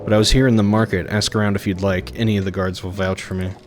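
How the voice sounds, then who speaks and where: A man's voice: deep voice, little pitch movement, quick pace, music in the background, lightly acted. A man reading a curt, haughty market boss woman. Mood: cold, curt. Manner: curt, dismissive. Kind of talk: reading game dialogue aloud.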